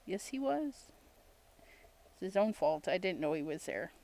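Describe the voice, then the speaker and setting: Gravelly and lowish, her voice rises and falls in big pitch swings as she talks without hurrying. While crafting on a casual live stream, she spins stories punctuated by laughter, acts out short quotes, and welcomes her viewers.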